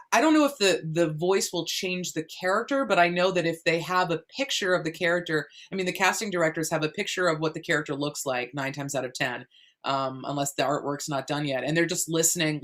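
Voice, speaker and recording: A US voice actor, a woman with a low-pitched yet fairly bright voice, guests in an interview. Her answers are chatty and explanatory, peppered with fillers and restarts.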